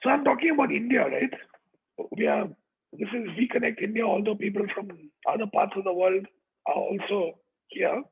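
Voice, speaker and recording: Brief: high, gravelly male motivational speaker, raspy and chatty, heard through thin call audio. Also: expressive, moderate pace. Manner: chatty, checks in with the audience. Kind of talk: motivational talk. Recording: tinny online call audio.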